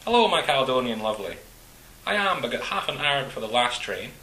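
A man voicing a charming, good-humoured young Scotsman with a Highland accent. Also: big pitch swings, quick pace, sharp tone, reverberant, low-quality recording. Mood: friendly. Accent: Highland Scottish. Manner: easy, good-humoured banter.

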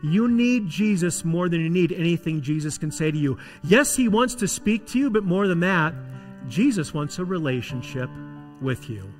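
A man preaching a sermon as pastor in a church, with dramatic delivery that swings between loud emphasis and hushed tones. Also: fairly high pitch, expressive, moderate pace, long reverb tail, soft background music. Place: church sanctuary.

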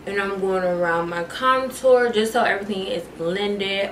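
A woman's voice: medium pitch, moderate pace, few pauses. Chatty young woman in an echoey room. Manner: chatty, addresses viewers as y'all and girl. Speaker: beauty vlogger. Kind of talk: casual makeup tutorial chat. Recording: echoey room, faint noise.

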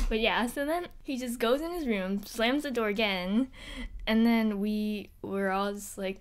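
In an in-character storytelling vlog, a woman with a medium-pitched, lightly acted voice plays a bubbly teenage girl at a hero school. She tells a story about the dorm, chatty and giggly, with lots of fillers.

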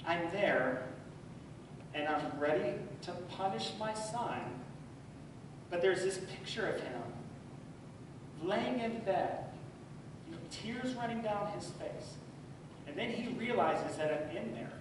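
A middle-aged man preaching a sermon, telling a story with dramatic swings from loud to hushed. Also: high voice, expressive, slow pace, long pauses. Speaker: pastor. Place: church sanctuary. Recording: echoey church from far off, faint noise.

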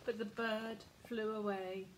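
A woman reading a children's picture book aloud in a gentle, expressive storytelling manner. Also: mid-range voice, takes it slowly, slight background noise, rough recording. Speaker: storybook reader.

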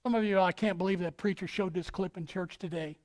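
A woman pastor preaching a sermon in an animated way, acting out quotes with big swings in loudness. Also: fairly low pitch, fairly quick.

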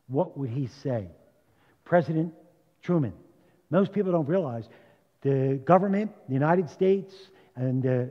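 A man in his seventies, a rabbi, delivering a sermon as a dramatic story that swings between loud bursts and hushed lines, in a congregation's sanctuary. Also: on the high side. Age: 70s. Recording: dull, with long hall reverb.

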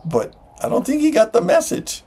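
A man preaching a sermon as pastor, slow and emphatic, with sudden jumps in pitch. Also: wildly swooping pitch, warm tone, slightly rough.

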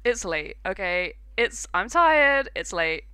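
A young British woman streaming a video game, giggling often and swearing in animated, casual commentary at a close mic. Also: mid-range voice, slow pace, smooth, no echo.

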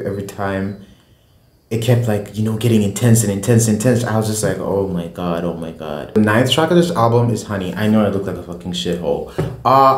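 A woman's voice: extremely low pitch, a little mellow. A woman giving a casual, candid album reaction, swearing freely and rambling emotionally. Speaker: music reaction youtuber. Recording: roomy echo with music playing. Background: album music playing.

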